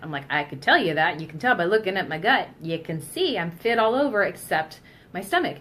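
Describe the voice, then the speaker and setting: A woman's voice: on the low side, very animated, fairly quick, fairly bright tone. A woman in her thirties talking candidly in a casual personal vlog, emphatic and blunt, now and then swearing. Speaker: vlogger.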